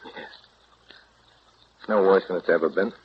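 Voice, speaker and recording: A man's voice: low voice, fairly even intonation, normal speed, husky, highs cut off. An actor in 1930s radio acting, playing a weary, detached man who talks in a cool, blunt way, on a hissy vintage broadcast. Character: weary, detached man done with his lover.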